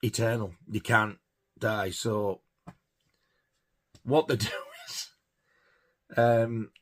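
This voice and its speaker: Husky low-voiced man rambling. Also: fairly even intonation, extremely slow. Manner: rambling, hesitant, many fillers. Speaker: film collector reviewing horror films. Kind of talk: casual film review chat.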